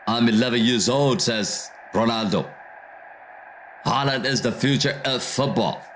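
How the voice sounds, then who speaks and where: An unhurried male streamer with a medium-pitched, slightly bright voice hosts a football watchalong over background noise. He reads viewers' chat messages aloud, responds to them, and calls out plays from the match. The talk is casual and slangy, peppered with "bro."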